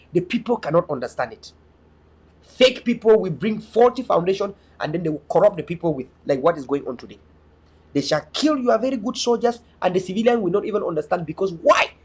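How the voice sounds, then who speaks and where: His voice is high and slightly rough. A young activist and online media host from Bui, North West Cameroon, he gives a fervent political monologue with emphasis, restarting again and again.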